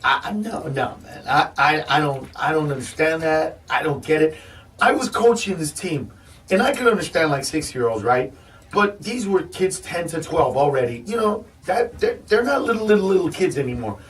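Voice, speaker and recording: Male comedian guest, high voice, animated rants, off-mic studio sound. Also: normal speed, recorded from a distance. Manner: animated, ranting, stammering restarts. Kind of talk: casual radio chat. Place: radio studio.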